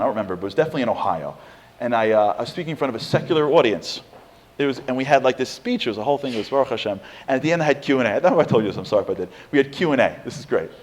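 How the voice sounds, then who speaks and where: A man giving an inspirational lecture with humor, an animated storyteller who fires off rhetorical questions to the audience in a large lecture hall. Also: medium pitch. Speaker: speaker. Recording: long hall reverb.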